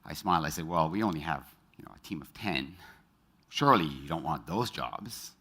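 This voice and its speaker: A middle-aged man speaks from a stage to a live audience, his low voice carrying a bright, forceful edge. He tells personal stories and throws quick questions out to the crowd. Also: expressive, breathy edge. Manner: engages the audience with quick show-of-hands questions; storytelling, personal anecdotes. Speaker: speaker at a motivational talk. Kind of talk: motivational stage talk.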